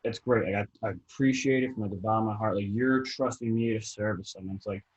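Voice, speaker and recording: A young man from New Jersey with a Jersey accent, chatting casually as a realtor guest, rambling and animated, with lots of "like". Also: on the low side, fast talker, highs cut off. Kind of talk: casual podcast chat.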